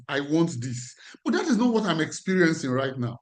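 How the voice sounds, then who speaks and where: A man's voice: high-pitched, sing-song, brisk, few pauses. A man with a Nigerian accent, a life coach teaching a class in an emphatic way and repeating his key phrases.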